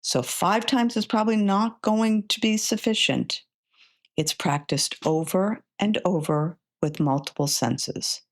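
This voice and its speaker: A woman hosting an instructional podcast, patiently explaining a reading method step by step and sounding out syllables slowly. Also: mid-range voice. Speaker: podcast host and reading tutor.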